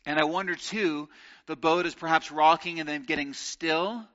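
A man preaching a sermon, earnest and slowing down to stress key phrases. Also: fairly high pitch, steady tone, fairly bright tone, muffled recording. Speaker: pastor.

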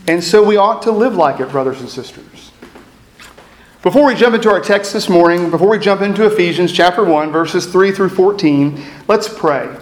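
Man in his thirties, pastor telling a wry personal story in a sermon, slightly high voice, roomy echo. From East Texas. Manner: reflective storytelling with self-deprecating humor. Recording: echoey room.

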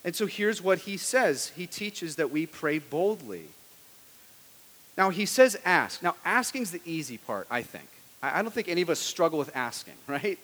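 A man's voice: on the high side, big pitch swings, moderate pace, fairly bright tone, long reverb tail. A man preaching a sermon as a pastor in a conversational style, often asking his listeners "right?".

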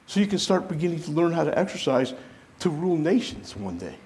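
A man preaching a sermon to a congregation, lively and conversational, acting out the voices of people he quotes. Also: a little high, brisk. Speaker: pastor.

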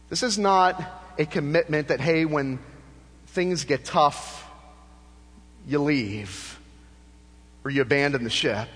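A male pastor preaching a sermon, shifting between lifted emphatic lines and hushed, low passages. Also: big-room sound.

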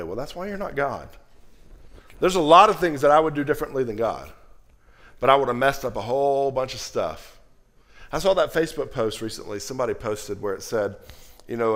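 A man preaching a sermon, moving from loud, emphatic lines to soft, low passages. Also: expressive, normal speed. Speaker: pastor.

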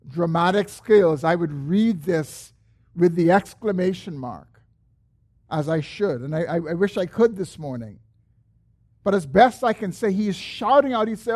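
A man gives a sermon as pastor in an earnest manner. His voice rises as he quotes a prayer and drops down, low and slow, at the close of his phrases.

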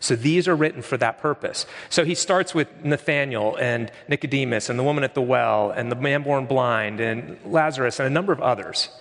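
A man's voice: medium pitch, brisk, hardly any pauses, a bit bright, long reverb tail. A man preaching a sermon as pastor, conversational and emphatic, in a church sanctuary.

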